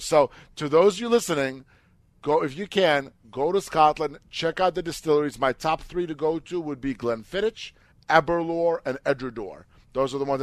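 A man's voice: on the high side, no room sound. A man hosting a casual podcast chat, enthusiastic and eager to recommend places to listeners. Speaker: host.

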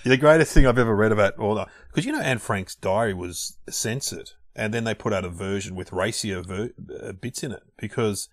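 An Australian man from Melbourne in a casual chat, telling lively anecdotes and laughing often. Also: on the low side, brisk, few pauses, dry recording, clean studio sound.

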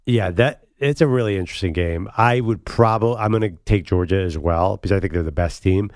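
A man co-hosting a casual sports show in a studio, jokey and quick to laugh. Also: deep voice, darkish tone, dry recording.

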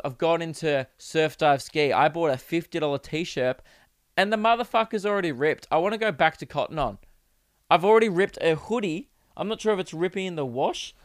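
Young Australian guy hosting a podcast solo, rambling and crude, laughs a lot, a bit high-pitched, clean dry sound. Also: no room sound. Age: 20s. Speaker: podcast host. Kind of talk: casual solo podcast chat. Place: home recording setup.

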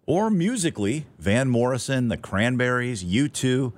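A man's voice: medium pitch, big pitch swings, normal speed. A middle-aged man telling a scripted, wry, playful story as a podcast host.

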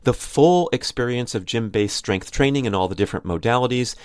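A man's voice: mid-range voice, fairly quick, smooth, no room sound, clean studio sound. A man enthusiastically reading a scripted ad for his own course. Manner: enthusiastic, salesy. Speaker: podcast host reading an ad. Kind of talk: scripted ad read.

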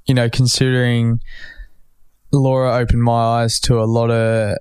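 A young man in relaxed, joking conversation on a podcast, talking easily and teasing his partner now and then. His voice is smooth and resonant at an ordinary pitch. The sound is dry and close, with no room echo. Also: moderate pace. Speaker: podcast guest. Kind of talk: casual couple chat.

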